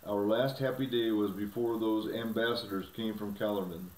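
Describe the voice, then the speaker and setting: A man's voice: lowish voice, fairly even intonation, moderate pace, a little mellow, close to an everyday voice. A tearful young queen, weeping as she speaks, put on by a male reader in a lifted voice. A roomy echo surrounds it. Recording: roomy, from a distance.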